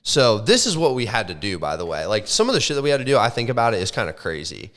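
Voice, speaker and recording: Young man, lowish voice, loose swearing podcast storyteller, animated. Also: fast talker. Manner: animated, swears often, says like and bro. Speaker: podcast co-host. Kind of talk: casual storytelling chat.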